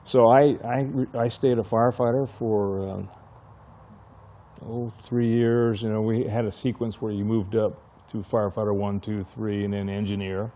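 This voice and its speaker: A man's voice: lowish voice, level tone, normal speed, mellow. An older man, a retired fire chief, telling stories from his career in an oral history interview and acting out the dialogue he remembers. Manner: reminiscing storyteller who acts out remembered dialogue.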